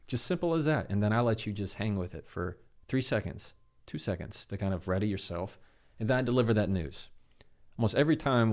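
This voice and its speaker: Low-voiced man explaining conversations. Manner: animated, acts out quoted dialogue. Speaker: guest, communication expert. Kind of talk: conversational interview.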